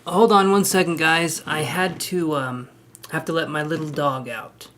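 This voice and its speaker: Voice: mid-range voice, steady tone, measured pace, fairly bright tone, a little hiss or hum. A tarot reader giving a casual live-streamed reading, chatty and talking straight to the viewer with frank asides.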